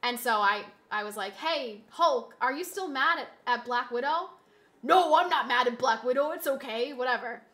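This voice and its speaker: A woman streaming from home, her voice high and lifted above most, chatting casually with her viewers. She rambles through stories, starting sentences over and repeating herself as she goes. Her tone is bright and forward, picked up on a desk mic. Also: normal speed. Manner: rambling storytelling with many restarts and repeats. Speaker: live streamer. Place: indoors at home streaming setup.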